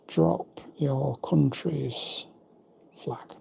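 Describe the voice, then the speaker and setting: A man's voice: mid-range voice, very slow, vocal fry, darkish tone, slight background noise. A middle-aged man hosting a casual livestream, rambling and reading out viewer comments. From England. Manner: chatty, rambling, reads out chat messages. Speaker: livestream host. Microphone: desk microphone.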